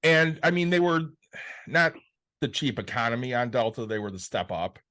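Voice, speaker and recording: A man's voice: medium pitch, expressive, normal speed, bright, forceful tone. A man co-hosting a podcast in casual chat, blunt and exasperated, swearing often. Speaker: podcast co-host.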